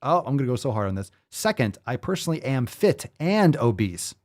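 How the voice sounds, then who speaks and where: A man's voice: mid-range voice, big pitch swings, a little fast, darkish tone. A man hosting a fitness show, ranting with profanity, incredulous and full of rhetorical questions. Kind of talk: ranting commentary.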